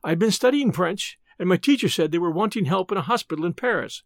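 A man voicing a frightened young woman who speaks quietly and anxiously in an audiobook reading. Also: high-pitched, expressive, quick pace, no echo, studio quality. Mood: earnest.

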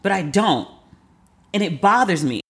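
A woman podcast host telling a personal story in a casual, animated, profane way, acting out the people she quotes. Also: medium pitch, measured pace.

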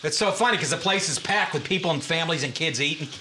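A man, a comedian guest, bantering casually with quick, chuckling interjections. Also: fairly high pitch, animated, sharp tone, slight background noise, rough recording.

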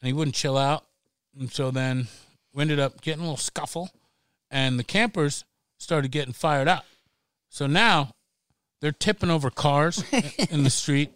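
Animated, swearing middle-aged man spinning yarns. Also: a little high, unhurried, clear, resonant tone, no room sound. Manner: animated, swears freely, laughs through the story. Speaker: podcast guest. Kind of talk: casual storytelling.

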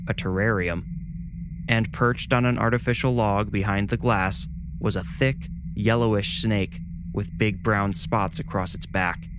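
A man reading a scripted horror story in a measured, deliberate way. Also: on the low side, background noise. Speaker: narrator.

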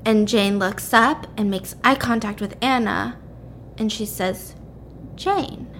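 A woman's voice: medium pitch, measured pace, fairly bright tone, a little hiss or hum. A woman casually retelling a story, acting out the characters' lines and saying "like" and "right?" often. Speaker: podcast co-host recapping a story. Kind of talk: casual chat, retelling a plot.

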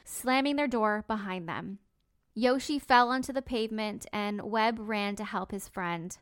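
A woman's voice: on the high side, clear, resonant tone, dry recording. Woman podcast host, true crime storyteller, chatty asides, dry close sound. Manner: conversational, with personal asides.

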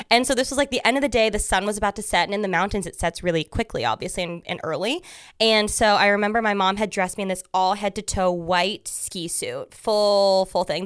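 A young adult woman guesting on a podcast, telling a story in an animated, casual way and acting out the voices of people in it. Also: medium pitch, clean tone, no room sound, studio quality. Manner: animated, acts out voices in her stories.

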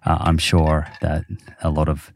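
A man's voice: very deep voice, monotone, unhurried, creaky. A man hosting a podcast, explaining research casually with many fillers. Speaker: podcast host. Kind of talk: casual chat.

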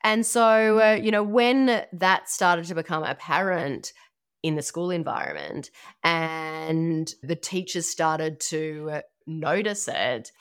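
A woman's voice: low voice, takes it slowly, clean tone. Chatty Australian woman. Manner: chatty, laughs easily. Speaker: podcast guest. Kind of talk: casual interview chat.

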